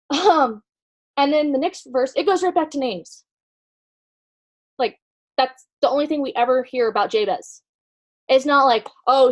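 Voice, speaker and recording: A woman's voice: high-pitched, low-quality recording. A woman retelling a faith story in a chatty way, with lots of ums and likes, acting out the dialogue as she goes. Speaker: speaker sharing conference notes.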